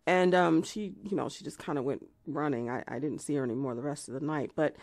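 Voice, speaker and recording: A woman acting an unhinged, brash woman in an amateur audio drama, rambling on with lots of fillers and turning shrill when she's outraged. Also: a little fast, darkish tone, no echo, clean studio sound. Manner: chatty, filler-heavy, swings to shrill indignation.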